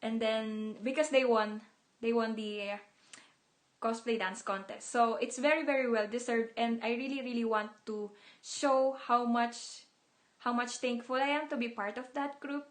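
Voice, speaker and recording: A young woman with a high voice chats on her livestream at an unhurried pace. She rambles with feeling, doubles back on her words and drops in the odd Tagalog phrase. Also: steady tone. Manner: emotional, rambling, repeats words. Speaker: idol livestreamer. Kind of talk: casual livestream chat.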